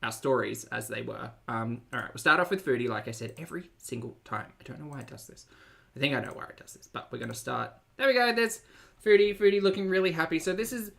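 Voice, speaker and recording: A man's voice: medium pitch, creaky, fairly bright tone. A man hosting a casual reaction live stream, chatty and playful as he greets viewers by name.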